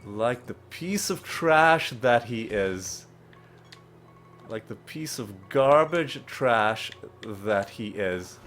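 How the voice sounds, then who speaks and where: A man's voice: mid-range voice, expressive, drawn-out words, fairly bright tone. A man hosting a let's play, giving gameplay commentary in swearing, frustrated rants full of stammered restarts, with game music behind him.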